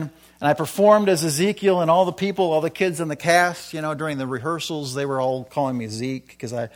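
A middle-aged man giving a sermon with a personal testimony, telling his story with animated swings from loud excitement to quiet asides. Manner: animated storytelling, rising loud when excited, dropping low for quoted asides. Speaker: preacher.

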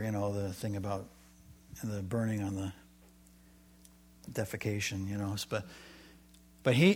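A middle-aged man giving a sermon with a personal testimony, telling his story with animated swings from loud excitement to quiet asides. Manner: animated storytelling, rising loud when excited, dropping low for quoted asides. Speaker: preacher.

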